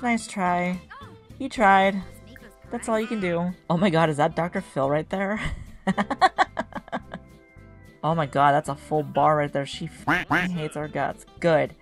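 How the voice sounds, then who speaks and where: A woman's voice: lowish voice, unhurried, pauses often. A woman hosting a video game channel, giving chatty, casual let's-play commentary and giggling often. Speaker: gaming channel host. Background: faint game music.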